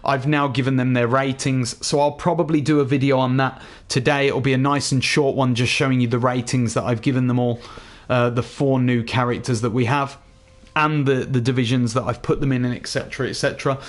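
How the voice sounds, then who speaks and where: Closing out his gaming video, the same Englishman speaks to his audience chattily and sincerely, wandering a bit as he goes. His mid-range voice stays steady and fairly quick.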